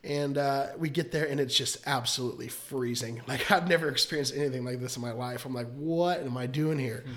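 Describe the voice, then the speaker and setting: A man's voice: medium pitch, fairly quick, a bit bright. A man in his thirties, a podcast guest, telling long casual stories and laughing often. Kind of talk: casual chat, storytelling.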